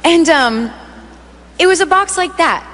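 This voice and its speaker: A woman in her thirties giving a sermon, telling a story in a lively, conversational way and acting out the voices. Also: very high voice, unhurried, a little hiss or hum. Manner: animated, acts out quoted voices, conversational. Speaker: worship leader preaching. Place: large church hall. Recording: long reverb of a large hall.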